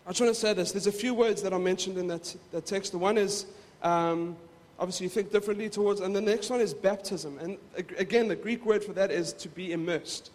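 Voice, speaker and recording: High-voiced pastor in a reverberant hall. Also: male voice, brisk, hardly any pauses, a little mellow. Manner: conversational, rambling, repeats words. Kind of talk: casual sermon.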